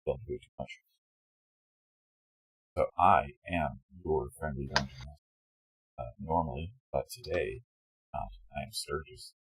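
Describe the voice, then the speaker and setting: A hoarse man, the regular dungeon master, loosely rambling through a casual show intro and announcements. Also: rumbling low, measured pace, pauses often, fairly bright tone, poor audio. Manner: loose, rambling, loses his train of thought.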